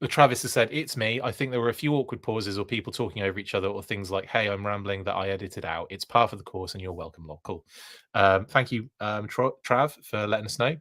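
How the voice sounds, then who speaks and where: A man's voice: lowish voice, fairly bright tone. A man hosting a live podcast, chatting casually and reading viewer comments, rambling with plenty of fillers and playful jokes. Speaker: podcast host.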